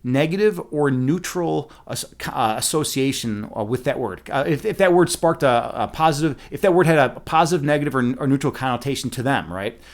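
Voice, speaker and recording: A man telling a story in a casual rant, animated and profane, with many fillers and restarts. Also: medium pitch, a little fast, few pauses. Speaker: streamer.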